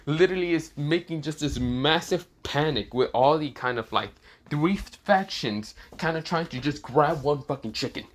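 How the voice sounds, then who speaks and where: A man's voice: on the high side, lively intonation, moderate pace. A man rambling through an improvised fan-fiction retelling, full of fillers and restarts as he goes. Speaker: fan story narrator.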